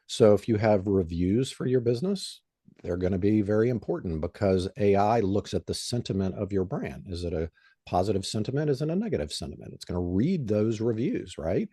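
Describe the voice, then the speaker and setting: A man's voice: fairly low pitch, animated, fairly quick, dark tone, slightly rough, no echo, studio quality. A man who is a guest on an interview show, explaining in a plain, conversational way with frequent "um" and "you know.". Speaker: guest expert.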